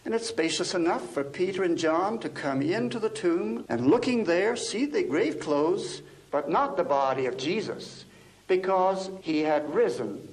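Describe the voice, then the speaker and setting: A man with a high voice guides a visitor along a tour route. He speaks earnestly and explains each point step by step, as if to a child. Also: expressive, unhurried, husky, low-quality recording. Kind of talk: guided tour talk on scripture.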